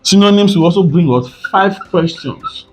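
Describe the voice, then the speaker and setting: A man's voice: high-pitched, lively intonation, normal speed. Man tutoring, repeating key points. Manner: repetitive, rhetorical "what?" questions. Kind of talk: exam prep lesson.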